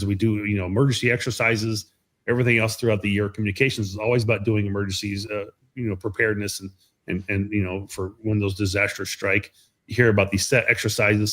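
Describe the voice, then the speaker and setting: A man's voice: on the low side, a bit bright. A middle-aged man chatting casually on a live stream about an amateur radio event, with many fillers and restarts. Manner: halting, many fillers and repeated words.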